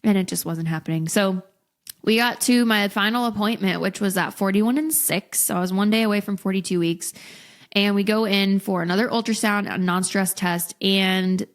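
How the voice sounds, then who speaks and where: A young adult woman, a podcast guest, telling a personal story in a candid, expressive way and acting out what people said. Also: mid-range voice, normal speed. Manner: candid, expressive, acts out quotes. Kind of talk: casual storytelling.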